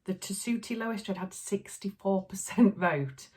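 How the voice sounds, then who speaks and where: A woman's voice: mid-range voice, a little slow, darkish tone. A woman with a Yorkshire accent, chatting casually to camera as a sewing vlogger, with frequent laughs and filler ums. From Yorkshire, England.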